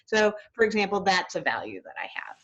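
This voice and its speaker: A woman's voice: on the low side, very animated, a little fast, a bit bright, breathy edge, lo-fi sound. A woman clinical psychologist, a guest in a casual webinar conversation over a video call, speaking in a thoughtful, earnest and reflective way.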